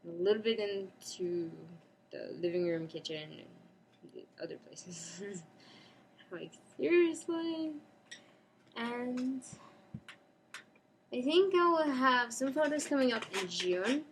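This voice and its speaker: A woman's voice: on the high side, lively intonation, takes it slowly, long pauses, slight background noise. A woman chatting casually in a rambling home vlog, breaking off now and then to talk to her pet. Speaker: cosplay vlogger. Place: home apartment.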